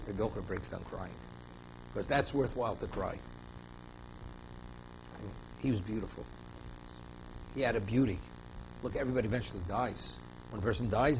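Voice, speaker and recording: Emphatic rabbi teaching a Torah class. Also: male voice, mid-range voice, dull audio, slight background noise. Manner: emphatic, rhetorical questions, repeats phrases while thinking.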